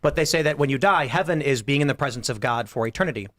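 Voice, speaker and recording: A man's voice: medium pitch, fast, a bit bright, dry recording, studio quality. A man hosting a podcast, spinning playful hypothetical stories in casual chat. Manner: playful storyteller, acts out voices. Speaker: podcast host.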